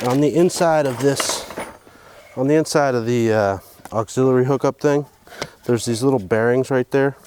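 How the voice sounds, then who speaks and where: A man's voice: mid-range voice, background noise. A man hosting a farm vlog, talking himself through fixing a tractor, profane and joking. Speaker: DIY farm vlog host. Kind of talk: casual narrated self-talk while working.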